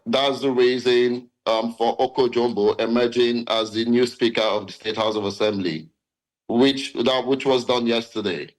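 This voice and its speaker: A man's voice: medium pitch, fairly even intonation, normal speed, low-quality recording. A man answering questions as a guest in a news interview, talking hesitantly with many fillers and repeated words. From Nigeria. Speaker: interview guest, local stakeholder. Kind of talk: live interview.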